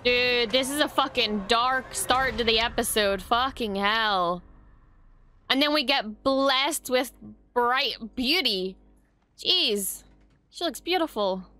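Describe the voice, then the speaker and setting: A woman with a bright, somewhat high voice talks through a reaction video, blurting out excited exclamations and casual swearing. Her commentary is loose and spontaneous, swinging between awe and blunt remarks, with faint music underneath. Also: slow, no echo.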